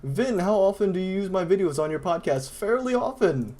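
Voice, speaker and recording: A woman's voice: medium pitch, animated, fairly quick, mellow. A woman co-hosting a podcast in casual chat, hesitant with many fillers.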